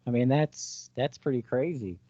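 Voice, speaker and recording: A man's voice: medium pitch, normal speed, warm tone, no echo, muffled recording. A man hosting an interview, reacting to the guest with brief comments. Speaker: host. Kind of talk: interview chat.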